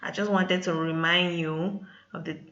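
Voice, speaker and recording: A woman's voice: fairly low pitch, fairly even intonation, measured pace, a bit bright, lo-fi sound. A woman with talking casually over her hair-care vlog, often addressing viewers as "guys". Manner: chatty, keeps saying "guys". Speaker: hair vlogger.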